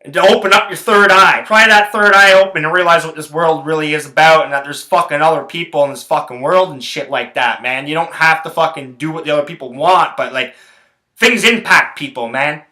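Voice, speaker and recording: A man's voice: on the high side, fairly quick, bright, forceful tone, roomy sound, low-quality recording. A man hosting his own podcast, ranting about sports in a rambling, profane, heated way. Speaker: podcast host. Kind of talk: casual sports rant.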